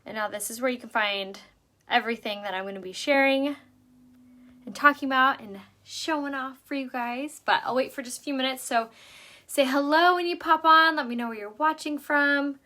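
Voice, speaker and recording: A woman's voice: high voice, normal speed, bright, forceful tone. A middle-aged woman hosting a casual makeup live stream, bubbly and chatty but tired from a late night. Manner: bubbly, chatty, greets viewers. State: tired, yawning.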